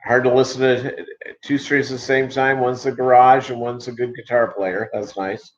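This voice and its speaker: A man's voice: medium pitch, level tone, moderate pace, highs cut off. A man from Minnesota hosting a casual livestream chat, rambling with many filler ums and uhs. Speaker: livestream host.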